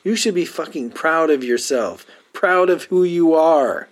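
A man's voice: on the high side, a little slow, pitched above the performer's own voice, close to an everyday voice. Man doing a fed-up young assistant ranting. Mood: exasperated. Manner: shouting, scolding.

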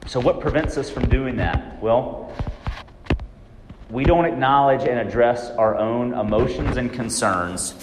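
Animated man teaching in an echoey room. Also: mid-range voice, unhurried, background noise. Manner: animated, acts out worried inner voices. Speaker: real estate trainer. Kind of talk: training talk to agents.

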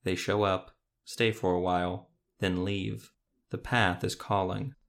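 A man voicing a gruff grown monster hunter who speaks curtly and firmly. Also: sits low, flat delivery, unhurried.

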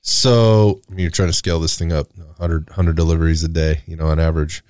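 A man hosting a casual interview, relaxed and affirming, prompting his guest with quick asides. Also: rumbling low, no room sound, clean studio sound. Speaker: podcast host.

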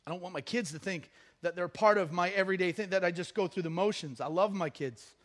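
Speaking quickly in a light, high voice, a middle-aged pastor keeps his sermon personal and chatty. Jokes alternate with heartfelt appeals, and his delivery swings between hushed asides and loud, forceful emphasis.

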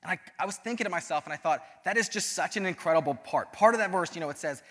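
A young male youth pastor preaches with a bright, forceful voice, pitched high. He tells personal stories in an animated, self-deprecating way. The sound carries a long reverb from a large hall. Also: fast, hardly any pauses. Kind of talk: sermon.

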